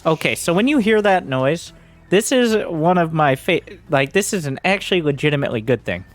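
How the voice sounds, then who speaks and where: A man's voice: on the high side, lively intonation, fairly quick, faint music behind. Blunt, foul-mouthed male game coach. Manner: blunt, profane, sarcastic.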